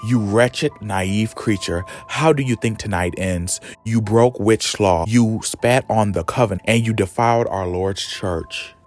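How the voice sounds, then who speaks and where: A man's voice: lowish voice, measured pace, hardly any pauses, a little mellow, faint music behind, lightly acted. A man voicing a furious, haughty witch queen who scolds with theatrical sass. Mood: scolding.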